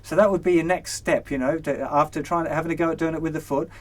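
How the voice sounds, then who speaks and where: A man's voice: a little high, fast talker. Upbeat man teaching guitar. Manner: relaxed and encouraging, counts beats aloud. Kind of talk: instructional lesson. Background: guitar strumming.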